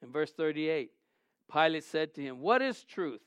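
A man's voice: fairly high pitch, very animated, normal speed, fairly bright tone, smooth, no echo. A man preaching a sermon, reading scripture aloud and asking his listeners questions, rising with emphasis on key words. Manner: addresses listeners directly with questions. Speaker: pastor.

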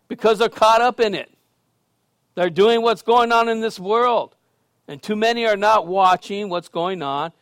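A man preaching a sermon, swinging from loud, emphatic lines to quiet, conversational asides and casual storytelling. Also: sits high, no echo, studio quality. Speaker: pastor.

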